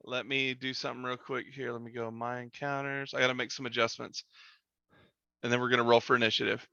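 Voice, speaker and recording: A man's voice: medium pitch, little pitch movement, quick pace, vocal fry, bright, forceful tone, clear, resonant tone, no room sound, dull audio. A man running a tabletop game as dungeon master, rambling and correcting himself as he describes scenes. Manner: rambling, self-correcting, laughs easily.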